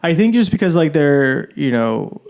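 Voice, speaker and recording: A man's voice: fairly high pitch, big pitch swings, gravelly, a little mellow. Laid-back man on a comedy podcast. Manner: laid-back, quick to quote characters in little voices. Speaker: podcast co-host. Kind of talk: casual comedy podcast chat.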